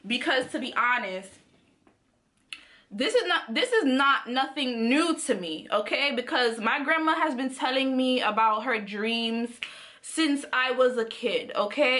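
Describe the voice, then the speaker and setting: Bright-voiced young woman telling a story. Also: on the high side. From Caribbean. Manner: animated, slangy, laughs often. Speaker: vlogger. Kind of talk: casual storytime.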